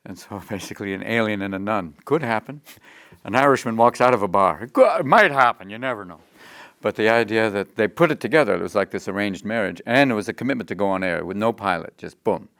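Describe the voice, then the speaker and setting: A middle-aged man being interviewed, telling animated stories and jumping into quick voices. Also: on the low side, dry recording, clean studio sound. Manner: animated, slips into quick character voices mid-story. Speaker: interview guest, comedian. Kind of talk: anecdotal interview storytelling.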